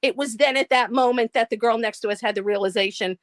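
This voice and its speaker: Brief: middle-aged woman, high voice, animated laughing storyteller, dry video-call sound. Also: fast, no room sound. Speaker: live stream caller. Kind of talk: telling a funny story.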